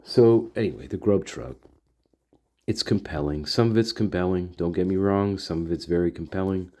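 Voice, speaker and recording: A man's voice: sits low, moderate pace, a little mellow. A man hosting a casual monologue, rambling and repeating himself as he thinks aloud and talks straight to his listeners. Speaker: podcast host.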